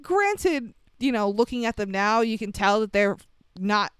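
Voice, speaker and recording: A woman's voice: medium pitch, sing-song, unhurried, fairly bright tone, clean tone, no room sound. A woman casually recapping a movie plot in a wry, chatty way, laughing often. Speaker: podcast co-host.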